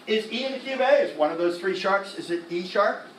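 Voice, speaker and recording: A man teaching music theory in a classroom lecture, animated, firing quick questions at the students and tossing in slang. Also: sits high, slight background noise. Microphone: laptop recording the lecture. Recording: echoey classroom from a distance.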